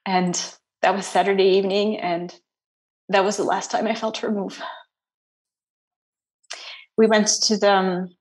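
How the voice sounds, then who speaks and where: A young adult woman speaking softly and haltingly as a guest in an interview, with many fillers and restarts. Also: mid-range voice, flat delivery. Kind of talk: personal interview.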